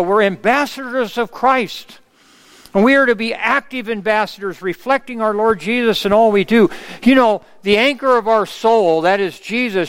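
A man's voice: sits high, clean tone. A middle-aged man preaching a sermon in an earnest way, often calling out to the congregation for an amen. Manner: earnest, asks the congregation for amens.

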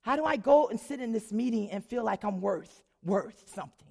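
A woman's voice: fairly high pitch, lively intonation, fairly quick, vocal fry, slightly rough. A woman giving a church testimony, telling her story animatedly, acting out the dialogue and laughing often.

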